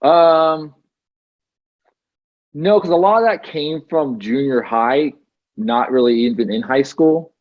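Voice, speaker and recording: A man's voice: medium pitch, takes it slowly, long pauses, narrow, tinny audio. A man as an interview guest, telling his story casually with many fillers and restarts over a video call. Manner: rambling with frequent fillers and restarts.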